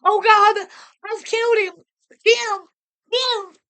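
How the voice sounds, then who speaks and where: A woman's voice: high voice, normal speed, bright, forceful tone, voice pushed up. A woman voicing a frightened, hysterical young wife who pleads and shrieks in distress. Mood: shrieking.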